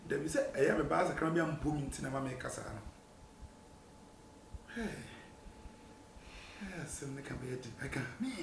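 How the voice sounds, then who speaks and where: A man, joking loudly in a comedy skit and mixing English with Twi. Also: mid-range voice, moderate pace, vocal fry, pauses often, far from the mic. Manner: loud excited mix of English and Twi. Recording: echoey room, faint noise.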